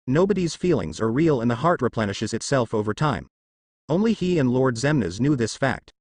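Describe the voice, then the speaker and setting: A man reading fan fiction aloud as narrator in a steady storytelling way. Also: mid-range voice, normal speed, no echo.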